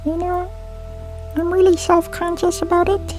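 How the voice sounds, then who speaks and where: A man putting on a squeaky, cartoonish, very high voice, playing a shy, self-conscious man who speaks hesitantly. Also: level tone, measured pace, soft background music. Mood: sheepish. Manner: nervous, hesitant.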